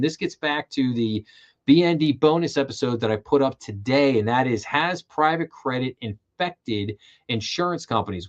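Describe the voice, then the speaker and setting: A man's voice: mid-range voice, highs cut off. A man hosting a livestream, reading banking headlines aloud and adding casual commentary with frequent fillers. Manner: casual, reads headlines then riffs with fillers. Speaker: show host. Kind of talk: livestream financial news commentary.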